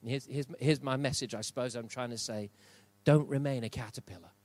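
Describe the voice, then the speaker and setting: A man's voice: mid-range voice, fairly even intonation, a little fast, darkish tone, dry recording. An older man preaching a sermon in church, emphatic and repeating key phrases for stress. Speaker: pastor.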